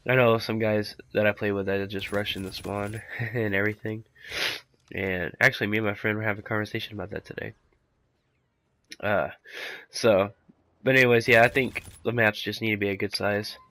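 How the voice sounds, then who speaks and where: A man's voice: on the low side, level tone, moderate pace, sharp tone. A man doing casual commentary over his gameplay while sick, rambling laid-back with lots of fillers. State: sick, rough voice. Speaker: gaming commentator.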